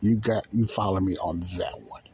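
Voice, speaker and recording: A man's voice: low voice, fairly even intonation, normal speed, darkish tone, slightly rough, low-quality recording. A man preaching in a conversational style, repeating key phrases and pressing his listeners with rhetorical questions. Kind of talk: informal preaching.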